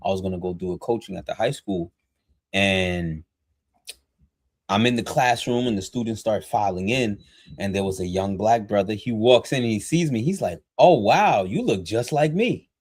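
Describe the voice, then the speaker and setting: A man's voice: on the low side, normal speed, dry recording, clean studio sound. A man co-hosting a podcast who also coaches workshops, speaking in a reflective, casual way with frequent brief affirmations. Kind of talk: casual conversation.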